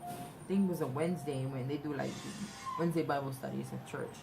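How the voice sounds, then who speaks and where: A young woman telling a personal story in a casual, halting way, often repeating and restarting her words. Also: very deep voice, steady tone, creaky, poor audio. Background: music.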